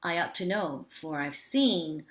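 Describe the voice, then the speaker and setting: A woman voicing a gentle very old man from a picture book, speaking lower and softer. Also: expressive, slow pace. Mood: proud. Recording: roomy echo.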